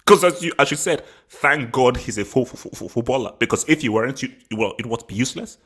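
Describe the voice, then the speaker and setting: A man from England talks through his views in a casual football vlog. His middle-pitched voice rambles, stumbles over repeated words, and breaks into laughs. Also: expressive, fast, fairly bright tone, breathy edge. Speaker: football channel host.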